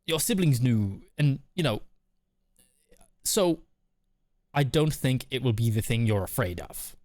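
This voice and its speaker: A man's voice: medium pitch, a little mellow, no echo. A male streamer chatting casually as he answers viewers and reads their messages aloud. His voice sits in a middle register, and the sound is dry and close. He keeps the tone loose and joking. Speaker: streamer host. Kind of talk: casual live-stream advice chat.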